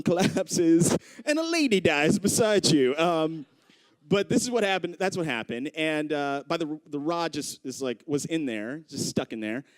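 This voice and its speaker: Young guy doing stand-up, storytelling, does all the voices, a bit higher voice, close dry mic. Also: clean tone, dry recording. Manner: animated, acts out voices of people in his story. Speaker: stand-up comedian. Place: comedy club stage.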